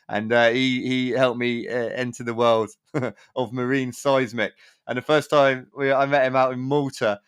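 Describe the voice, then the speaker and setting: A man's voice: medium pitch, no room sound, clean studio sound. Chatty man hosting a podcast. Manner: chatty, swearing, laughs while telling stories. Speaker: podcast host. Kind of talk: casual chat.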